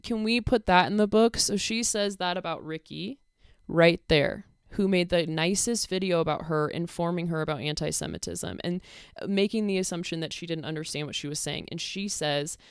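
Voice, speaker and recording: Sarcastic woman, low smooth dry voice. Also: normal speed, no room sound. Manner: exasperated, sarcastic. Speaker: commentary creator. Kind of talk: casual commentary reading messages.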